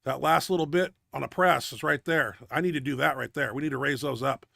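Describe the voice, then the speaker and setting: A winded middle-aged man with a gravelly, fry-laden voice, talking through gym clips in blunt, cursing commentary. His voice sits a little high for a man and sounds close and dry, with no room around it. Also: a little fast, bright, forceful tone, dry recording. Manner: blunt, profane gym talk. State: winded and out of breath. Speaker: host of a powerlifting video show. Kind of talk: casual commentary over lifting videos.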